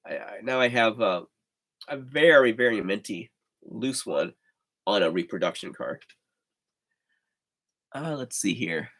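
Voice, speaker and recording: A man's voice: fairly low pitch, animated, measured pace, pauses often, a bit bright. Chatty man hosting a livestream. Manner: rambling, chatty, with sighs and laughs. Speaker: host of a livestream. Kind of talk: casual livestream chat.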